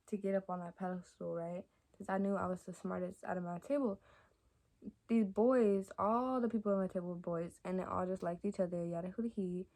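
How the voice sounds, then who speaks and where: A young adult woman vlogger telling stories to camera in a casual, rambling way, with lots of fillers and soft asides. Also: on the low side. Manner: chatty and rambling, many fillers like "like" and "y'all". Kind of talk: casual storytime chat to camera.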